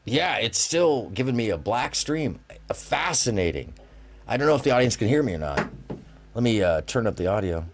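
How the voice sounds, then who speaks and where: A man's voice: mid-range voice, big pitch swings, moderate pace, background noise. A man hosting a casual call-in livestream, rambling, apologizing often and laughing easily. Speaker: livestream host.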